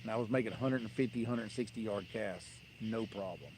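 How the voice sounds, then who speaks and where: A lowish male voice, a little fast, comes through over background noise. Streaming live while fishing on a riverbank at night, the host rants casually, spinning rambling, blunt stories with a dismissive air.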